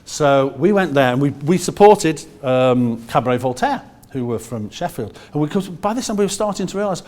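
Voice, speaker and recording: A man in his sixties from Liverpool with a Liverpool accent, telling anecdotes in a lively way and acting out other people's voices with quick asides. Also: on the high side. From Liverpool, England. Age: 60s. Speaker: musician telling stories. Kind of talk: anecdotal storytelling.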